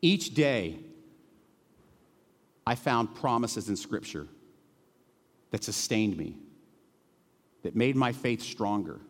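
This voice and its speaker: A middle-aged male pastor preaching a sermon in a church, earnest and emotional, dropping to hushed tones and then rising to emphatic peaks. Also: lowish voice, big pitch swings, slow, pauses often, big-room sound. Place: church sanctuary.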